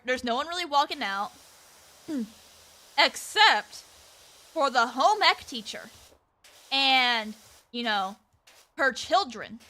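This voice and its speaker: A young woman with a high, bright, sharp-edged voice chats casually as a streamer. She rambles through a story, leaning on fillers and the occasional curse word. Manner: rambling and chatty, with frequent fillers and swearing. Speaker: VTuber streamer.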